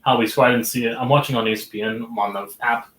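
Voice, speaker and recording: A man in a casual sports chat, reacting with excitement as he watches baseball. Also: medium pitch, quick pace, echoey room.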